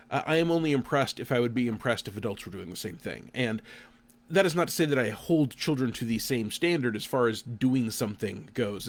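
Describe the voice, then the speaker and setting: A man in his fifties giving a casual spoken review to camera, dry and deliberate, with self-deprecating asides and frequent fillers. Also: mid-range voice. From Oklahoma. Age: 50s. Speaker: game designer reviewing a local event.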